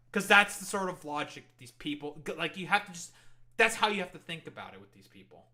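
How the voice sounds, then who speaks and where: Man, reaction commentator, ranting and profane, fairly high voice with a bright edge. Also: sing-song, quick pace. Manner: profane, ranting, heavy swearing; sarcastic, mocking.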